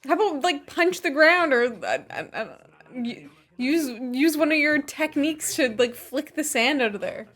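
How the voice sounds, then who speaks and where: A woman's voice: high voice, animated, moderate pace, a bit bright. A woman co-hosting a casual anime reaction show, giggling and teasing the characters as she talks back to the screen.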